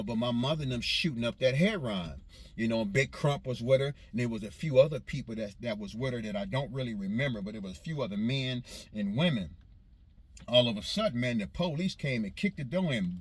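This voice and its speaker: A Los Angeles man casually recalls his childhood, wandering off track and correcting himself in loose, everyday speech, like a spoken memoir. His voice is mid-range and a bit bright, recorded dry.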